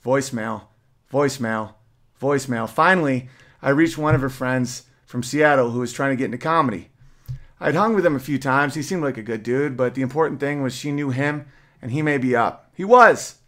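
Guy reading his own story out loud, earnest and emotional, middle pitch. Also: moderate pace. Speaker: podcast host. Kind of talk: reading a personal story aloud.

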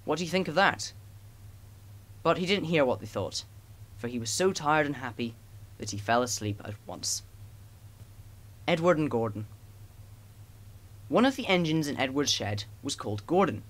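A man's voice: medium pitch, lively intonation, normal speed, pauses often, a bit bright. Man reading a children's storybook. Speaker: audiobook narrator.

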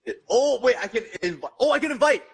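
A man hosting a casual livestream on his phone, playful and self-mocking, rambling with quick restarts as he talks to viewers. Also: very high-pitched, expressive, husky. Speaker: livestream host.

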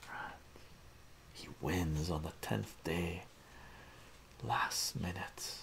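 Gravelly, unhurried man reading comics aloud. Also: low voice, a bit bright, a little hiss or hum. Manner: amused, chatty. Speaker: comic book reader, streamer. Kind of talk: casual comic reading narration.

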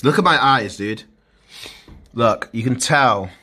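A man with a bright, forceful voice vents in an exasperated live-stream rant, swearing freely as he talks to his chat. He speaks into a mobile phone held close, alone in his room. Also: mid-range voice, lively intonation, takes it slowly, slightly rough. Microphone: mobile phone held to face.

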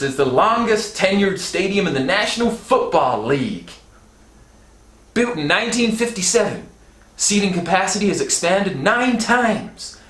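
A man's voice: high-pitched, fairly bright tone, voice pushed up. A man putting on a mock American announcer voice while reading stadium facts aloud. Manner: raised, drawn-out stadium-fact delivery. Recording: roomy echo.

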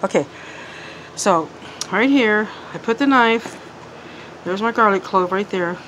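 A cooking vlogger shows her kitchen projects in a chatty, casual home vlog, filming one-handed on a handheld phone while working and sounding a little out of breath. Her voice is mid-range and fairly bright, her pace measured, and the rough recording has slight background noise.

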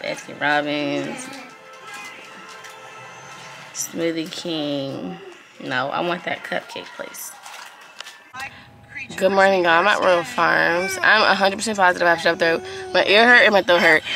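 A young woman vlogging in a casual, chatty way, talking straight to her viewers as a mother. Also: on the low side.

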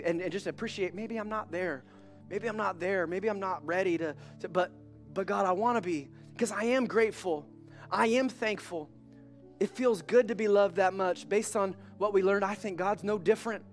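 A male pastor preaching a sermon in an animated, conversational, joking manner during a church service. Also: high voice.

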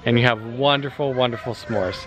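A relaxed American man talks straight to the camera as he cooks at a backyard grill. His voice sits at a middle pitch, and his delivery is easygoing and conversational, typical of a casual family vlog. Light background noise is heard outdoors. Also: brisk. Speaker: family vlogger.

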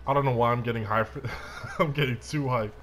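A man's voice: mid-range voice, fairly even intonation, fairly quick, fairly bright tone, slight background noise. A young man giving hyped let's-play commentary, trash-talking and whooping as he plays. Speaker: gameplay commentator.

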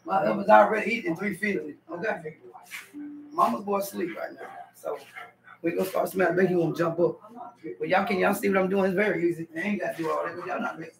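Man, high gravelly voice, laid-back cooking vlog, phone mic set back in a roomy kitchen with household noise. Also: steady tone, fast talker, far from the mic, a crowd in the background. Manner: loose, chatty, talks straight to viewers with lots of "y'all". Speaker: cooking vlogger. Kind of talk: casual cooking vlog chat. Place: home kitchen.

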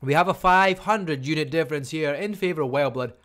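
A Scottish man casting a live online strategy game match, talking fast and chattily and barely stopping for breath. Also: fairly high pitch, a bit bright. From Scotland. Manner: fast, chatty, talks without pausing. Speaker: game caster. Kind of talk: live esports commentary.

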